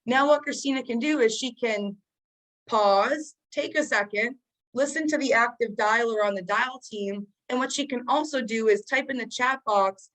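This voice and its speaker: A woman's voice: a little high, normal speed, fairly bright tone, low-quality recording. Upbeat woman coaching sales agents. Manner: casual, upbeat coaching with frequent fillers. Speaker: sales trainer. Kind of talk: training call. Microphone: video call.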